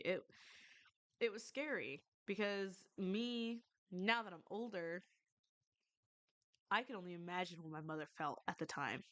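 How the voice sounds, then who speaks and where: A woman's voice: lowish voice, fairly bright tone, clean tone. A young woman streamer telling a true story in a loose, rambling way, with lots of fillers and casual swearing.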